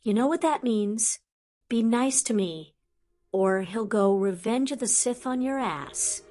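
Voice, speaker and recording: Woman playing a loud-mouthed teen boy wizard, blunt, rude. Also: fairly high pitch, measured pace, lightly acted. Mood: brash.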